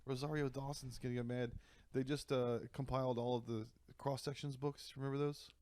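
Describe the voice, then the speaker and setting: A man co-hosting a comedy podcast, riffing and tossing in quick impressions in casual chat. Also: mid-range voice, little pitch movement, darkish tone. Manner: joking, riffs with quick impressions. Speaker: podcast co-host.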